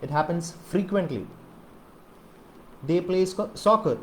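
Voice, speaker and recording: A man's voice: sits high, unhurried, a bit bright, a little hiss or hum. A man whose first language is Malayalam, teaching an English grammar lesson and filling his explanations with repeated okays and questions to the viewer.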